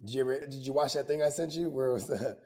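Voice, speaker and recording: A man's voice: medium pitch, racing, mellow. A man co-hosting a casual podcast chat, rambling in slang and often asking "you know what I mean". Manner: rambling, slangy, keeps saying 'you know what I mean'. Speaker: podcast co-host.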